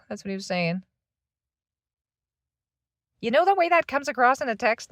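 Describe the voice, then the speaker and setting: A woman's voice: mid-range voice, big pitch swings, normal speed, pauses often, a bit bright, no room sound. A woman in her thirties venting in a rambling, swearing monologue from a parked van. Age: 30s. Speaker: vlogger.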